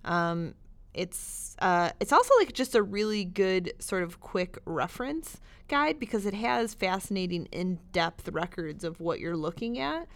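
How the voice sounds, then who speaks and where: A woman co-hosts a library podcast, recommending books in an enthusiastic, chatty way full of fillers and easy laughter. Her mid-range voice is expressive and unhurried, suited to the casual podcast chat.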